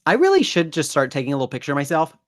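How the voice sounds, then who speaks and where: A woman's voice: sits low, racing, dry recording, clean studio sound. Woman casually recapping a movie. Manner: relaxed storytelling with fillers and laughs. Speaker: podcast co-host. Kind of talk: casual chat recapping a film.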